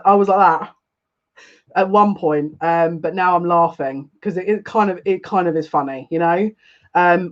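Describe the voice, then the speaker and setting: A woman's voice: lowish voice, dull audio. A woman giving a casual live psychic reading to viewers, chatty and rambling, often breaking into laughter. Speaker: psychic reader.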